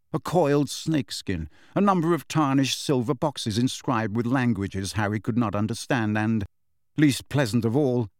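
A man narrating an audiobook in an expressive, measured storytelling manner. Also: mid-range voice, no echo, studio quality.

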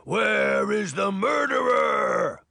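A man voicing an enormous, vengeful male giant in an audiobook, shouting slowly and heavily. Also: high voice, animated, vocal fry, dry recording, studio quality, voice pushed up, exaggerated voice. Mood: demanding. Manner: slow shouted bellowing. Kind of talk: audiobook character voice.

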